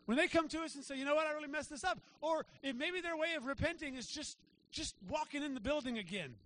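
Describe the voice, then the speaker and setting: A man preaching a sermon to his church, talking in a casual way and checking in with the congregation with quick asides. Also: very high-pitched, fairly bright tone, slight background noise. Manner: conversational preaching with frequent "right?" asides. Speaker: pastor. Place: church sanctuary.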